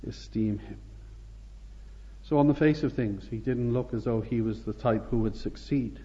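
An earnest male preacher working through a passage in an expository sermon, his voice at an ordinary pitch for a man. He lifts his voice on key phrases and lets it fall low at the close of each thought. The recording sounds muffled and a little lo-fi. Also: in a large hall. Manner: earnest, emphatic, rising on key phrases and dropping low at ends.

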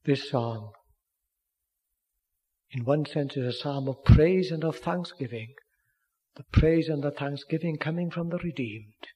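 Male preacher, husky and slow, earnest and pleading, moves between loud declarations and near-whispers. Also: a little high. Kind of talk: sermon.

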